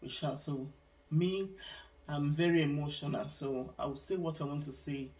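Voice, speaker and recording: A woman from Nigeria telling her own story in an emotional, halting way, restarting sentences and adding religious asides. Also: deep voice, a little mellow, recorded from a distance. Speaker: vlogger sharing her life story. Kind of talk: personal testimony vlog.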